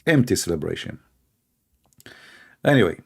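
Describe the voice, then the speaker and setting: Sarcastic, gravelly man. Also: sits low, big pitch swings, moderate pace, darkish tone. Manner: sarcastic, mocking, chuckles at own jokes. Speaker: show host. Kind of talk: mocking commentary.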